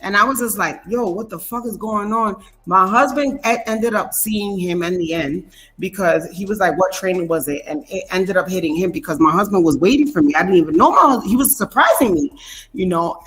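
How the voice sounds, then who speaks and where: Slangy, animated woman telling a story. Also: on the low side. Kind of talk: casual storytelling chat.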